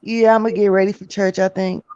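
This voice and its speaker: A person chatting casually on a livestream, relaxed and chuckling between remarks. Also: mid-range voice, fast, smooth, no room sound, muffled recording. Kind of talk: casual chat.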